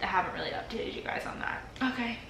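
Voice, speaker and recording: A woman's voice: mid-range voice, fast, gravelly, noisy background. A woman in her early twenties vlogging a tearful goodbye to her empty apartment, rambling with lots of "like", crying between laughs. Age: early 20s. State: crying, teary voice. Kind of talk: emotional farewell vlog, casual talk to camera. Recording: echoey empty room.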